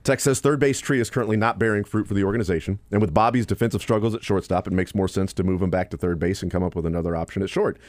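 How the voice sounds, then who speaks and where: A man with a low, darkish voice talks baseball on sports radio in a rapid-fire ramble with hardly any pauses, thinking aloud, circling back, and using plenty of ums and uhs. The sound is close and dry with no room around it.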